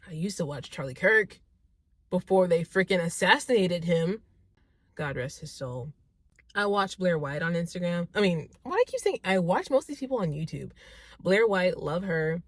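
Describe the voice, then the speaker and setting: A young woman vlogs casually to camera, answering viewer questions in a lowish, animated voice at a moderate pace. She's chatty and enthusiastic, often rambling and correcting herself, and the recording is dry.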